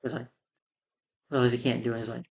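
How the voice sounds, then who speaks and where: A man talks through a film review in a loose, rambling way, circling back and repeating himself as he retells the plot. His voice sits at an ordinary middle pitch. The recording is dull and muffled, with a lo-fi sound. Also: little pitch movement, fairly quick, creaky, a little mellow. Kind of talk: casual spoken film review.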